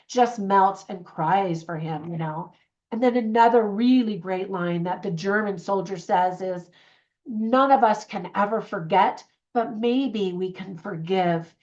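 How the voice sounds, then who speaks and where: Chatty woman reviewing movies, lo-fi sound. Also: medium pitch. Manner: chatty, earnest, with fillers and restarts. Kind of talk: casual spoken movie review.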